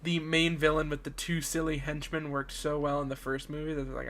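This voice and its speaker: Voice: mid-range voice, level tone, brisk, a bit bright, slight background noise. A young adult co-host in casual chat about movies, jokey, with lots of "like" fillers. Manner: jokey, acts out scenes with put-on voices. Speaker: podcast co-host.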